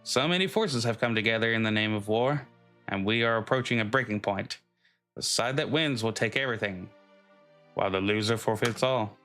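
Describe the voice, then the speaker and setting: A man reading the lines of a calm, scheming male army strategist from a video game aloud, with stumbles and restarts. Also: medium pitch.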